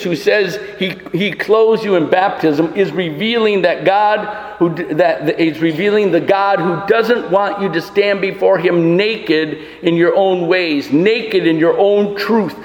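A man preaching a sermon as a pastor, emphatic and rhetorical, firing pointed questions at his listeners, in a church sanctuary. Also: high voice. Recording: echoey hall with long reverb.

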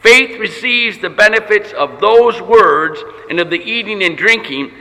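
A man's voice: high voice, pushed and bright. A man preaching a sermon, teaching with emphasis and rhetorical questions in a church. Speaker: pastor. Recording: long reverb of a large hall.

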